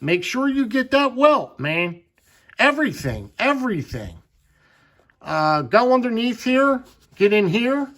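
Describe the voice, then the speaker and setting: A man's voice: extremely high pitch, big pitch swings, unhurried, a bit bright. A man hosting a hands-on demonstration in a folksy, chatty way, often repeating words for emphasis. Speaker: knife channel host.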